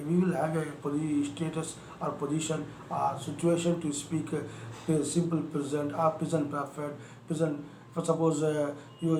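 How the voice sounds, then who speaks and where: A man's voice: on the high side, darkish tone. A man with an Indian English accent, teaching an English lesson with repetition and rhetorical questions. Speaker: English lecturer. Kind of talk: spoken language lesson. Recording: echoey room with faint noise.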